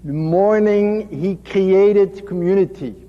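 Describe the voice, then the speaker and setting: Slow high-voiced preacher in a hall. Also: male voice. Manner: slow, gentle, drops to a soft hush on tender lines. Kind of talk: sermon. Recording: dull lo-fi recording in a reverberant hall.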